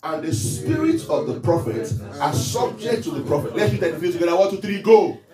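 A man preaching an interactive sermon as pastor. He questions the congregation and reads scripture aloud slowly. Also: sits high, big pitch swings, music in the background. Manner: call-and-response questions to the congregation. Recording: echoey room, voice from a distance.

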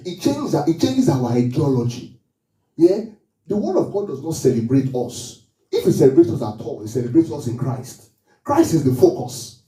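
A man preaching to a congregation, with a very dark, mellow voice that swings lively up and down. He fires rhetorical questions, then repeats the key phrase for weight. He is heard from some distance in a roomy, echoey church hall. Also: mid-range voice, moderate pace. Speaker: pastor. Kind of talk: sermon.

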